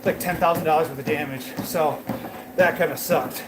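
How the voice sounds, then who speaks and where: A high-pitched man chats with viewers while he walks on a treadmill at home, rambling and loose with plenty of fillers. His voice bounces around an echoey room. Steady noise hums behind him. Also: normal speed. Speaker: fitness livestreamer. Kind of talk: casual chat while working out, talking to viewers.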